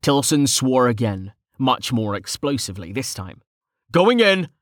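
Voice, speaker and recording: Male audiobook narrator, steady fantasy read, middle pitch, dry close mic. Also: moderate pace, no echo. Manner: steady storytelling.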